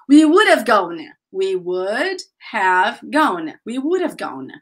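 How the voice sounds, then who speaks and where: A woman teaching English grammar, drilling phrases slowly and chatting with her students. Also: fairly high pitch, sing-song, a bit bright. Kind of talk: live online English lesson.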